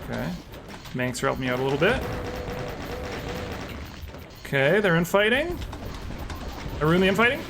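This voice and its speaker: A man's voice: fairly high pitch, sing-song, moderate pace, vocal fry, long pauses. A man streaming a game live, chatting casually and self-deprecatingly while reacting aloud to the action and answering chat. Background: game music.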